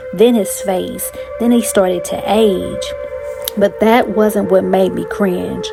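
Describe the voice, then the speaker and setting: A woman telling a personal story in a casual, chatty way, full of asides and fillers. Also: mid-range voice. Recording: music playing clearly behind.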